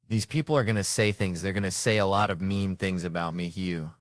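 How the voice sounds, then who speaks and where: A comedian telling stories in an animated, emphatic way, with frequent swearing. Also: male voice, sits low, a little fast, hardly any pauses, no room sound, studio quality. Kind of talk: stand-up storytelling and banter.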